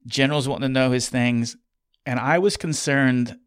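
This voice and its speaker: Middle-aged male pilot, casual rambling storyteller, dry close sound, mid pitch. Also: moderate pace, clear, resonant tone, dry recording. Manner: rambling, self-correcting anecdote telling. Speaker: military pilot and officer.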